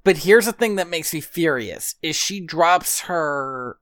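A woman's voice: low-pitched, lively intonation, unhurried. A woman co-hosting a podcast in casual chat, dryly funny and exasperated, swearing casually. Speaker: podcast co-host.

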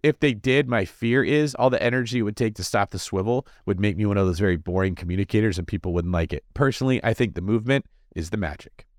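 A man hosting a real estate podcast, talking in an animated, jokey and energetic way, answering listener comments. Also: lowish voice, fast, few pauses, dry recording, clean studio sound. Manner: animated, jokey, fidgety delivery. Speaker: podcast host. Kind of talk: energetic casual monologue.

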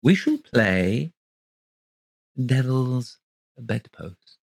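A man's voice: medium pitch, big pitch swings, extremely slow, vocal fry, breathy edge, no echo, voice pushed up, full character voice, rough recording. Man doing a sinister, commanding lodger. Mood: ominous. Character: sinister middle-aged male lodger, commanding, harsh.

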